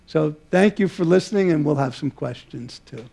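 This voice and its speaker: An older man giving a public lecture at a museum, recalling a colleague in a halting way with many filler pauses. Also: on the high side, animated, vocal fry, heavy background noise. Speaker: mathematician giving a public talk. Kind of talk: public lecture with personal anecdotes. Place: museum lecture hall before an audience.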